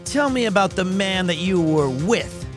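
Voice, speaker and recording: A man's voice: sits high, animated, normal speed, over music. A man voicing an earnest young male defense lawyer in a courtroom game, asking probing questions.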